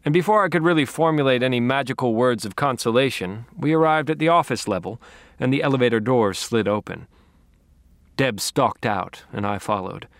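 Male narrator, first-person audiobook, deadpan and wry, mid-pitched voice, dry close recording. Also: brisk, no room sound.

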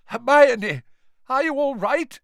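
A man's voice: fairly high pitch, huge pitch swings, fairly bright tone, no room sound, studio quality, pitched above the performer's own voice, full character voice. Man doing a shaken, worried father. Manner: shaky, hurried. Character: worried middle-aged father, kind and shaken.

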